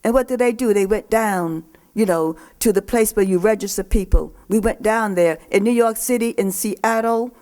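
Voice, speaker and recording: An older woman, both poet and professor, addresses young people live at a poetry festival in a medium-pitched, slightly mellow voice at a moderate pace. She speaks emphatically, repeating key phrases for effect.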